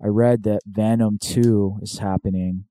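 A man's voice: fairly low pitch, fairly even intonation, measured pace, dark tone, dry recording. A man chatting casually and swearing freely, rambling as he retells comedy sketches. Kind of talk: casual chat.

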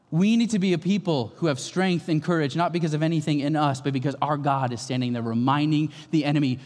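A man delivers an emphatic, conversational sermon from the pulpit, his voice sitting a little higher than most men's. Long reverb from a large hall trails after each phrase. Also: fairly quick. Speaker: pastor.

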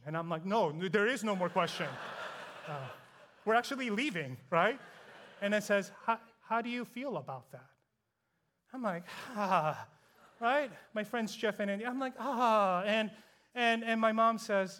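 High-voiced man telling a sermon story. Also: normal speed, bright, forceful tone. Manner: chatty, self-deprecating, builds to fervent preaching. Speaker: pastor.

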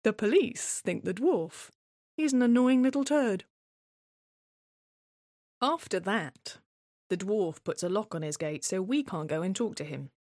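A woman performing her own scripted dramatic monologue, sardonic and deadpan with frequent swearing. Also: medium pitch, unhurried, long pauses, no room sound, clean studio sound. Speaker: playwright performer.

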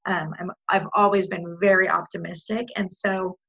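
A woman's voice: fairly low pitch, fairly even intonation, normal speed, creaky, fairly bright tone, breathy edge. A woman in her thirties speaking candidly as a podcast guest, reflective, with many fillers and restarts. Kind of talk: personal conversation about grief. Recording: muffled lo-fi podcast audio.

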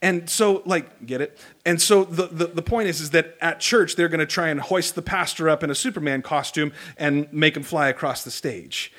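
A male pastor preaching a sermon in an animated, conversational way, with humorous asides. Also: a little high, moderate pace, few pauses.

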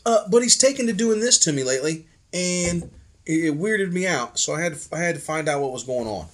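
A man with a fairly high voice tells a story in loose, profane podcast chat. He acts out the other people in the story as he goes and keeps an animated rhythm. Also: a little fast. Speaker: podcast host. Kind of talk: casual storytelling.

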